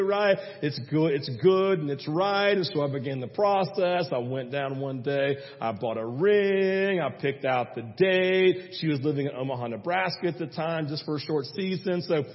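A young man preaching a sermon, telling a personal story with animated delivery and acting out his own prayers. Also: a little high, moderate pace, few pauses. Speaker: pastor. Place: church sanctuary. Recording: dull sound with long hall reverb.

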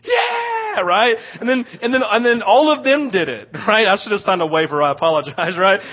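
Guy preaching, animated storyteller, kinda high voice, dull lo-fi sound. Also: fairly quick. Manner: animated storytelling with frequent "right?". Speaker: pastor. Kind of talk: sermon.

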